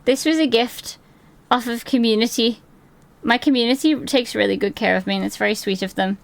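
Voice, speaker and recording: On the high side and gravelly, this woman's voice moves fairly quickly with no room sound. In her twenties and streaming from home, she casually reads chat aloud, swears freely, teases herself, and laughs easily.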